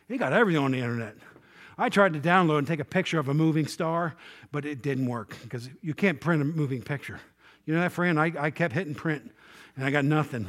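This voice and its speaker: Chatty man preaching a sermon. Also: high voice. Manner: conversational preaching with asides to the congregation. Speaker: pastor. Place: church.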